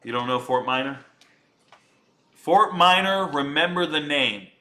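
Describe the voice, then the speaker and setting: Bright, joking man streamer chatting live. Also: fairly high pitch, lively intonation, a little slow. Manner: joking, chatty, talks to viewers. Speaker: streamer reacting to a fight. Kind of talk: casual live reaction chat.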